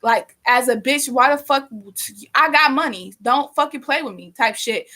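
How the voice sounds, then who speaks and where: Young woman, bright and fairly high voice, chatty live-stream storyteller, swears freely. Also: normal speed. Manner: animated, profane, rambling with many fillers. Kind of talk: casual storytelling.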